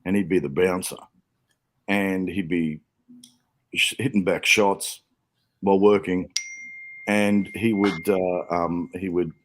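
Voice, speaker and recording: Deep-voiced man, reflective guest. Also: steady tone, takes it slowly, long pauses. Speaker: podcast guest. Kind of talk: casual chat.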